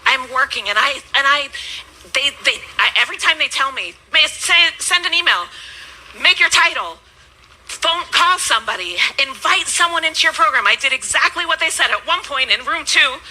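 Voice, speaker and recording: A woman in her thirties, a business coach, giving an emphatic motivational speech that swings between loud and hushed. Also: high voice, animated, normal speed, poor audio.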